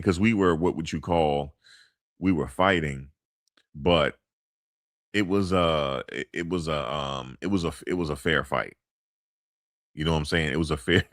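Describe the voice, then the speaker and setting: Middle-aged man, very low voice, dry close mic, loose slang-heavy monologue full of restarts. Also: a bit bright, no echo. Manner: loose, rambling, street slang with many fillers and restarts. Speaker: commentator. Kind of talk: casual storytelling monologue.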